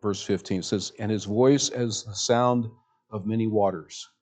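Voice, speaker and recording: A man preaching a sermon as pastor in a church, reading scripture slowly and swinging from loud emphasis to near-hushed speech. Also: lowish voice, steady tone. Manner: reads scripture slowly and deliberately. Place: church sanctuary with a sound system.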